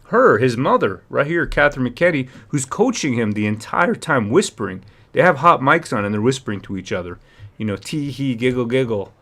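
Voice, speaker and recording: A man hosting a live stream, ranting and rambling with frequent restarts and shifts between heated and low-key talk. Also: very animated, a little fast, sharp tone. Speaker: livestream host. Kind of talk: ranting livestream commentary.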